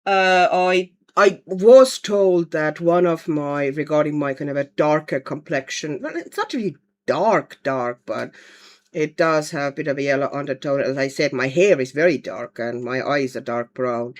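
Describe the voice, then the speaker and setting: This livestream host, a colouring artist from Estonia, chats casually at home and answers comments from viewers. She speaks low-pitched at a moderate pace.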